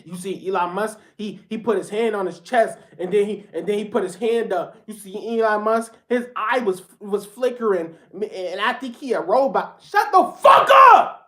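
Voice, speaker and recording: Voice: medium pitch, moderate pace, hardly any pauses. A reaction commentator ranting bluntly in a casual, repetitive, slang-heavy way, often calling viewers bro. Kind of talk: heated casual rant.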